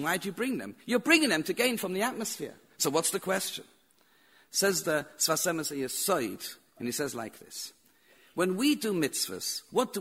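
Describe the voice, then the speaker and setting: A man's voice: a little high, pushed and bright, slightly rough. A man teaching a Torah lecture as a rabbi, telling stories with repeated phrases and rhetorical questions.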